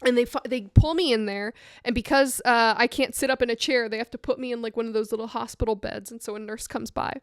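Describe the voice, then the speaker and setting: A woman co-hosting a casual podcast, telling a personal story in an animated way and acting out the voices in it. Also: a little high, quick pace, few pauses, no room sound, clean studio sound. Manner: animated, acts out voices in her stories. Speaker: co-host.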